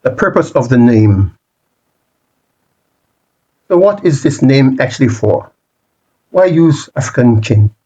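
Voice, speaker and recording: A man presenting a reflective monologue, speaking in deliberate, repetitive rhetorical phrases with the odd restart. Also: mid-range voice, expressive, dark tone, slightly rough, dull audio. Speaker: channel presenter.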